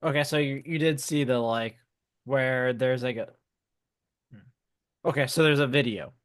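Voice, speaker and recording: A man's voice: medium pitch, unhurried. Brief: podcast co-host, eager fan, swearing, mid-range male voice. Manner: enthusiastic, profane. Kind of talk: casual book discussion chat.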